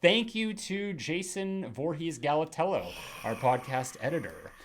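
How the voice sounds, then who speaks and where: A man's voice: a little high, lively intonation, measured pace, a little hiss or hum. A man hosting a horror film podcast, chatting casually and rambling with many fillers. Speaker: podcast host. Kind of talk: casual chat.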